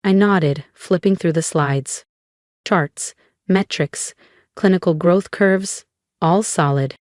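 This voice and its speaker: A woman narrating a first-person revenge story with a cool, measured delivery and deliberate pauses. Her voice sits fairly low, and the recording is close and dry with no room sound. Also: no room sound.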